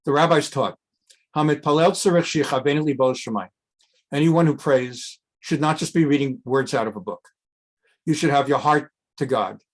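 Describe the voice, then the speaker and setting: Middle-aged male rabbi, slightly high voice, rambling teacher who reads Hebrew and then translates it. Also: normal speed. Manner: chatty, digressive, tells jokes, reads Hebrew then translates. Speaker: rabbi teaching a Bible class. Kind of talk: informal scripture lesson.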